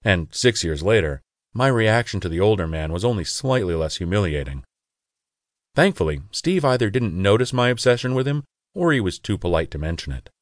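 A man's voice: lowish voice, sing-song, a little fast, dry recording. A man reading a first-person audiobook in an intimate, confessional way, on a close studio mic. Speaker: audiobook narrator.

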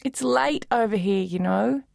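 A drowsy teenage girl answers bluntly and wearily, as a woman narrator voices her. The read is close and dry, with a fairly high voice. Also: a little slow, creaky, darkish tone, dry recording. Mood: weary. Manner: weary, blunt. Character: sleepy, blunt teenage girl best friend.

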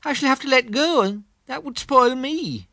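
A man's voice: extremely high pitch, animated, moderate pace, vocal fry, pushed and bright, no room sound, clean studio sound, pitched above the performer's own voice, full character voice. A man voicing a mild, earnest bear of little brain in an audiobook, talking in a ponderous, slightly muddled way. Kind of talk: audiobook character reading.

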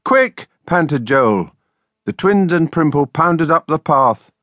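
A man narrating a children's audiobook in an expressive storytelling manner, recorded in a studio. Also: fairly high pitch, takes it slowly, no room sound.

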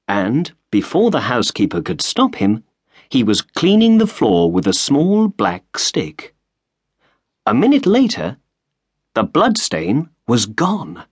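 A man narrating a storybook in a measured, expressive way, close to a studio mic. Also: mid-range voice, slightly rough, no echo. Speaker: audiobook narrator.

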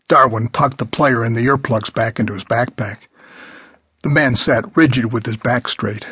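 A man reads his own novel aloud in a measured, plain way, his voice husky and breathy at the edges. The sound is dry and close, with no room around it. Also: medium pitch, sharp tone, no echo. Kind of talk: scripted audiobook narration.

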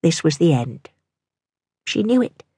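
A woman narrating a historical novel for an audiobook in a measured, even manner. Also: deep voice, slightly rough, no room sound, studio quality.

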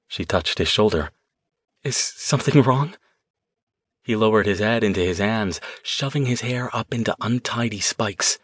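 A man narrating an audiobook in a tense, measured storytelling manner. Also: lowish voice, no room sound, clean studio sound. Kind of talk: scripted narration.

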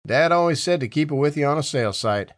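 A man voicing a steady, stubborn logger. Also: fairly high pitch, quick pace, dry recording, clean studio sound, voice pushed up, close to an everyday voice. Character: calm, stubborn male logging contractor.

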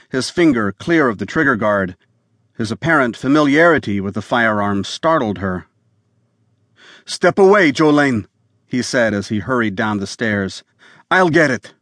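A man's voice: medium pitch, a bit bright, no echo. Man narrating a thriller in a dry studio. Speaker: audiobook narrator. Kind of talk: scripted narration.

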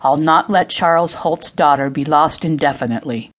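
A woman's voice: sits low, normal speed. A woman voicing a powerful older nobleman who is stern and short-tempered. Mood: grave. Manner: stern, commanding.

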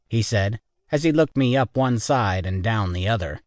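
A man's voice: fairly low pitch, animated, moderate pace, no echo, clean studio sound. A man narrating a military science fiction audiobook in the first person, wry and matter-of-fact.

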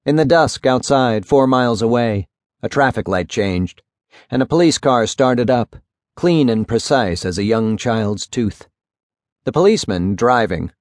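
A man narrating a literary novel in a measured, even storytelling voice. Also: fairly low pitch, no echo, studio quality. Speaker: audiobook narrator.

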